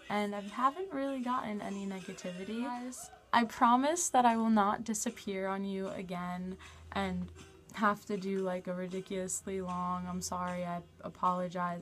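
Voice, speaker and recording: A young woman vlogging in a casual, chatty way, blunt and quick to swear. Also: medium pitch, fairly bright tone, low-quality recording. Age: young adult. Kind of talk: casual vlog talk to camera.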